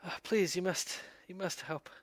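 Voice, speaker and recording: A man's voice: sits high, fairly even intonation, normal speed, no echo, close to an everyday voice. A man playing an exhausted, pleading villager. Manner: weary, pleading, breathless. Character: exhausted wounded male villager searching for his wife.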